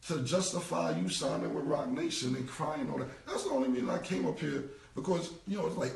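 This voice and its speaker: A man's voice: fairly high pitch, sing-song, fairly quick, creaky, hardly any pauses, reverberant, far from the mic. A man, talking bluntly and repetitively in a casual live-stream rant. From United States. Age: 40s. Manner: blunt, repetitive street talk. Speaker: rapper.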